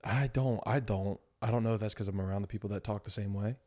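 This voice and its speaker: A man's voice: on the low side, fairly even intonation, fast talker, warm tone. A young man with a Southern country accent, chatting easygoingly as a podcast guest. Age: young adult. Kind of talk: casual chat.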